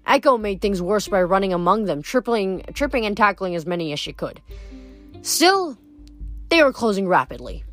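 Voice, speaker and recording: A woman reading a novel aloud, expressive, sometimes stumbling and correcting herself. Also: medium pitch, moderate pace, faint music behind. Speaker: reader.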